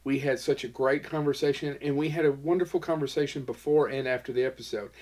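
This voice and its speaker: A man's voice: medium pitch, steady tone, fast talker, a little mellow. A man co-hosting a podcast, rambling and joking in casual chat as he signs off. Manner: rambling, joking, self-interrupting. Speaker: podcast co-host.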